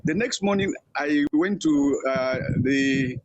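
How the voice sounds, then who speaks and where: An older Nigerian man, a veteran journalist appearing as an interview guest, tells stories in a husky voice at a slow pace. He animates quoted voices by raising his pitch, and the dry recording sounds dull and muffled.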